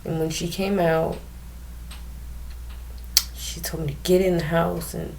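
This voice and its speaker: A young woman telling a personal story to camera in a candid, emotional way, with frequent pauses and restarts. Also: lowish voice, vocal fry, a little mellow, slight background noise. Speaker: vlogger telling her own story.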